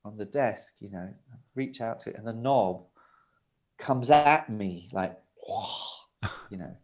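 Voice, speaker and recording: A man's voice: fairly low pitch, takes it slowly, a little mellow. A middle-aged man, a record producer and interview guest, telling a long, rambling anecdote and acting out the voices in it. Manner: rambling, vivid storytelling with acted-out quotes. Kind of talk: animated anecdote in a sit-down interview.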